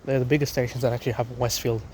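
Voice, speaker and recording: A man's voice: medium pitch, flat delivery, very fast, darkish tone, a little hiss or hum. A young Australian man vlogging about trains, rambling outdoors on a station platform with fillers and restarts, a lozenge in his mouth. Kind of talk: casual walking commentary.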